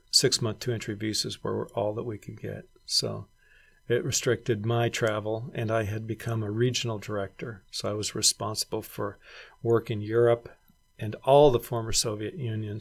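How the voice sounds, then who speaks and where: Gravelly-voiced man telling missionary stories. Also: fairly low pitch. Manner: reflective storyteller who acts out quoted voices. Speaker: former missionary and regional director. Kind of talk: oral history interview.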